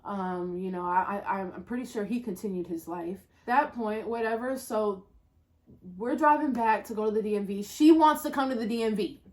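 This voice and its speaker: A woman telling a personal story in a casual storytime vlog, slangy and profane, swinging from low muttering to loud exclamations. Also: normal speed. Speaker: storyteller vlogger.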